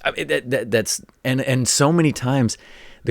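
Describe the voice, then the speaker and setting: With a gravelly, mid-range voice and lively intonation, a former college coach hosts his own show at a moderate pace, offering a casual commentary monologue of sports stories. He rambles, repeats words, and imitates quoted voices, and the studio sound is clean with no echo.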